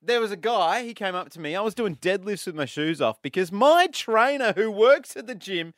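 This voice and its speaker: A young man with an Australian accent, hosting studio radio and telling stories with indignant, animated banter. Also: high-pitched, moderate pace, no room sound. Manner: animated, indignant storytelling with mocking voices. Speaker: radio host. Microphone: studio microphone.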